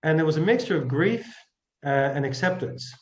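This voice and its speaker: A man, an interview guest, telling a personal story in an earnest, halting way, often dropping to a soft, hushed tone. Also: a little high, expressive. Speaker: guest, empathy coach. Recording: roomy, dull lo-fi sound.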